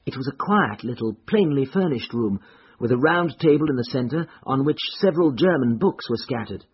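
Male audiobook narrator, husky tone, steady deliberate storytelling, dull lo-fi sound. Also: medium pitch.

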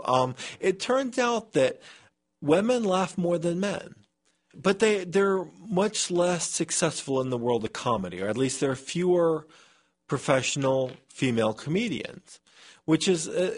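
A man's voice: a little high, big pitch swings, unhurried. A man, a scientist, being interviewed on public radio from a remote studio, talking with hesitant restarts.

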